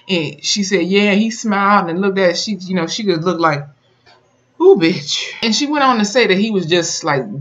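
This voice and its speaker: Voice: mid-range voice, highs cut off. Sassy, profane TV recap vlogger. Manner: animated, profane, chatty retelling with sassy asides. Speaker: TV episode reviewer. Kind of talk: casual recap vlog.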